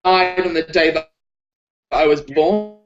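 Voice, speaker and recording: A man's voice: on the high side, slow pace, over music. A man from Australia, co-hosting a casual video chat, swearing as he tells stories. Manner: profane, animated storytelling. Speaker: channel co-host. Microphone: video call. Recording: choppy lo-fi internet call.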